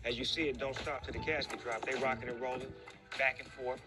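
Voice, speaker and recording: A man putting on a laid-back celebrity commentator calling a fast badminton rally in a drawling, playful voice over loud music. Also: medium pitch, steady tone, close to an everyday voice. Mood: laid-back hype.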